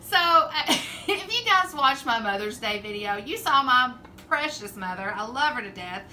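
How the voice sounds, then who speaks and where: A woman's voice: fairly high pitch, animated, a little slow, pushed and bright, rough recording. Chatty Southern woman hosting a craft livestream. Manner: chatty, rambling, laughs often. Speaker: craft channel host. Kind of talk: casual live-stream chat.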